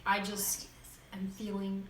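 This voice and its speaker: A woman tells a story in a lively, casual way, breaking into laughter often. She sits some way back from the microphone in a roomy, echoing room. A faint hiss hangs under her voice. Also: mid-range voice, slow pace. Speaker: vlogger. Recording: roomy echo, distant mic, faint noise.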